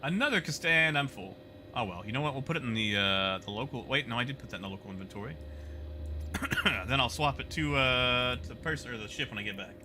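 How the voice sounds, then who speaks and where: A man's voice: medium pitch, expressive, brisk, bright, forceful tone, slight background noise. A man streaming a game, chatting casually and rambling in a self-mocking way.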